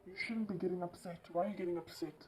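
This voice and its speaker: A woman's voice: lowish voice, fairly even intonation, very fast, background noise, voice pushed down, natural voice. A woman mimicking a sulky young boyfriend. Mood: defensive.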